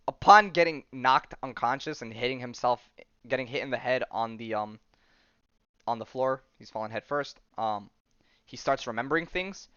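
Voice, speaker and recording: A young man hosts a casual comic recap in a smooth, resonant voice of middling pitch. He rambles with enthusiasm and stumbles through restarts and slangy asides. The sound is dull and lo-fi in a dry, deadened space. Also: normal speed, fairly bright tone, no room sound. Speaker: podcast host.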